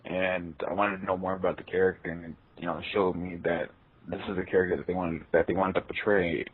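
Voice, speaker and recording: A man's voice: deep voice, level tone, fast, slightly rough, narrow, tinny audio. A man joining a casual chat over an online call, wry and offhand. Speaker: panelist.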